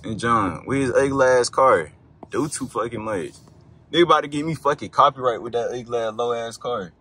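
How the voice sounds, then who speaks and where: A young man with a medium-pitched, pushed, bright voice and a breathy edge talks fairly quickly. His casual driving vlog, shot at night with faint car noise, is loose and rambling, laced with cursing and sudden yelps at every bump.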